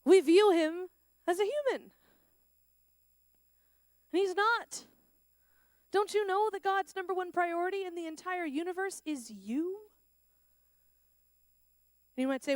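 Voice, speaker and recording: High-pitched woman speaker, animated chapel talk, dry recording. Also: a little slow, long pauses, no echo. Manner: animated, plays out the characters' lines. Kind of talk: sermon. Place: school chapel.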